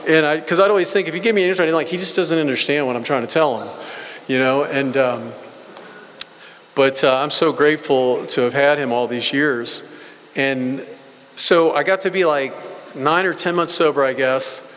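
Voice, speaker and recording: Man, recovery testimony, rambling blunt storyteller, slightly high voice, long hall echo. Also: normal speed, a bit bright, slight background noise. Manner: rambling, casual, blunt storytelling with filler words. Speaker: recovery meeting speaker.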